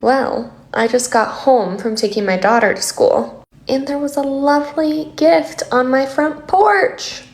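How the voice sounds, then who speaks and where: A woman's voice: high-pitched, a little slow, echoey room. A woman casually telling a story to camera about her neighbor, matter-of-fact and step by step. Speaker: homeowner telling a story in a social video.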